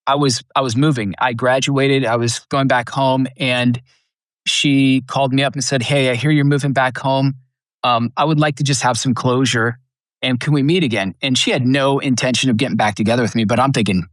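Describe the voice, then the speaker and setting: This middle-aged podcast guest has a medium-pitched, slightly bright voice, captured at studio quality with no room sound. Sharing a personal testimony in earnest, he performs the lines of those he quotes and is emotional, sometimes nearly crying.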